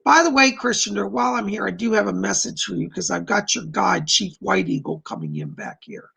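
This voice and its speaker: A man doing live psychic readings on a stream, reading viewer questions aloud and gently relaying reassuring messages. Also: sits high, sing-song, brisk, vocal fry, breathy edge. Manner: gentle, reassuring, calls people darling.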